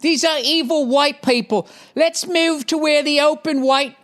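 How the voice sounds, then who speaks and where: A man's voice: very high voice, a little slow, a bit bright, pitched above the performer's own voice. A man voicing a young royal bride in a put-on British accent, narrating crudely and mockingly.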